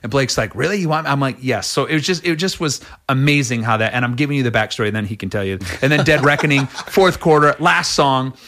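A middle-aged man being interviewed as a rock singer, telling stories in a rambling, animated way with many restarts. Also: fast talker, hardly any pauses. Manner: rambling, many restarts, acts out quotes in a much higher voice. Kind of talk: animated casual interview storytelling.

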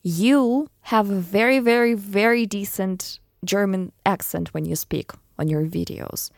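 A woman hosting a radio show, asking a guest questions in a deliberate, chatty way. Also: medium pitch, gravelly, no room sound, studio quality.

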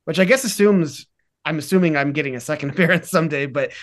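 Young adult male podcast guest, slightly higher voice, easygoing storyteller. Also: fast. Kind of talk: casual storytelling chat.

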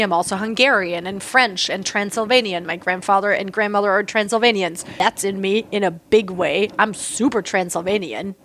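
A woman in her forties from Germany, speaking candidly and emphatically in a relaxed interview, with frequent fillers. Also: mid-range voice, slight background noise. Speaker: interviewee, artist. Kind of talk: casual conversational interview.

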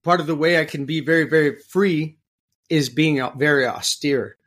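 An animated man in a relaxed interview, his voice sitting a little high for a man. He circles back over words while finding his phrasing and acts out other people in his stories. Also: normal speed. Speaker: podcast guest. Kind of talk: conversational interview.

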